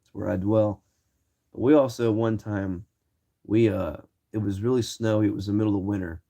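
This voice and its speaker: A young man from Ohio, a streamer telling loose, profane stories to his viewers in casual chat and acting out shouted lines. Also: fairly low pitch, steady tone, moderate pace. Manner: loose, swearing, acts out quoted shouts. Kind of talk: casual storytelling.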